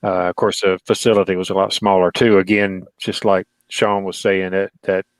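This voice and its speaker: A man's voice: deep voice, little pitch movement, moderate pace, dry recording, low-quality recording. A man reminiscing in casual conversation, hesitant, with many restarts. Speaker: guest.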